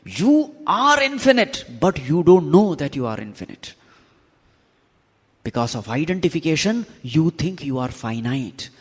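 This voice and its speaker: Emphatic swami in a reverberant hall. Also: male voice, a little high, sing-song, unhurried, husky. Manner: rhetorical questions to the audience, emphatic repetition. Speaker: swami teaching scripture. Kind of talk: spiritual discourse.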